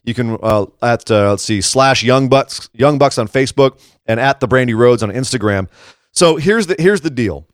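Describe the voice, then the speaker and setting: Male podcast co-host, lively conversational delivery, dry studio sound. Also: mid-range voice, no room sound. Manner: animated, quick asides, many restarts. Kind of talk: casual wrestling news chat.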